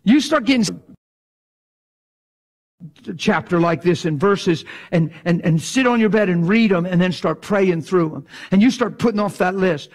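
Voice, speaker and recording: A man preaching a sermon with emphatic, drawn-out questions, checking the audience's assent and dropping to hushed prayer. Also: high-pitched. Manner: asks the crowd for assent.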